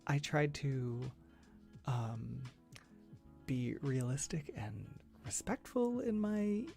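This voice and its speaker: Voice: mid-range voice, lively intonation, takes it slowly, vocal fry, dark tone, soft background music. A young adult livestream host chatting casually with viewers, laughing often and restarting sentences.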